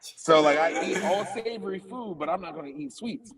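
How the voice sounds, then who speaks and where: A man in casual conversation, telling a funny personal story with lively laughter, heard from a distant phone. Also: high voice, moderate pace. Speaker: comedian guest. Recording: distant phone audio with crowd noise. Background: crowd chatter at a cookout.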